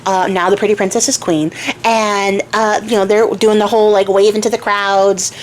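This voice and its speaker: A woman's voice: mid-range voice, level tone, moderate pace, a little hiss or hum. A woman host retelling a folk tale in a chatty, slangy way, often laughing. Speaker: craft channel host.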